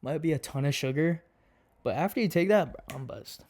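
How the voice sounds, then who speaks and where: Laid-back young man, mellow voice. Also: a little high, moderate pace. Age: young adult. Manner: laid-back, relaxed storytelling. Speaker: podcast guest, college student. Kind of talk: casual chat.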